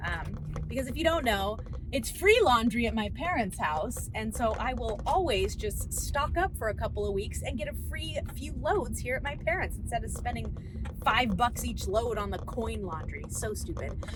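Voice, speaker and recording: A woman's voice: on the high side, noisy background. A young adult woman vlogging in a casual, chatty way, often laughing, recorded on a handheld camera outdoors and in her car. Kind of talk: casual vlog chat.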